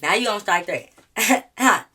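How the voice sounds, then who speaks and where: A woman YouTuber telling a storytime vlog with sass and lots of slang. Her retelling is animated and her voice sits at a medium pitch. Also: measured pace, breathy edge.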